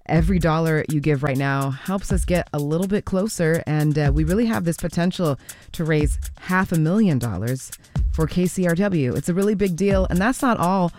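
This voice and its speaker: A woman's voice: sits low, a little mellow. Woman, radio DJ, casual on-air chat, fundraising appeal, loose delivery with fillers, studio, faint music underneath. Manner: easygoing, loose, with fillers and self-corrections. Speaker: radio DJ host.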